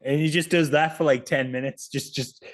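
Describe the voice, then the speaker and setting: A man's voice: a little high, fairly even intonation, a little fast. Wry man reviewing a film. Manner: wry, sarcastic, rambling with restarts. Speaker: podcast co-host. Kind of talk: casual film review chat.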